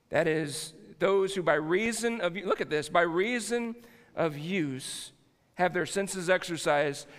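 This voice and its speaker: A man preaching a sermon as pastor in a church sanctuary, folksy and jokey, often restarting his sentences. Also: sits high. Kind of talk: conversational sermon. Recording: long hall reverb.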